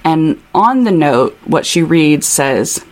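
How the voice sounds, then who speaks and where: A woman's voice: low voice, big pitch swings, darkish tone. A woman co-hosting a podcast, chatting casually about a book, laughing and reading passages aloud. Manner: chatty, giggly, quick asides. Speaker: podcast co-host.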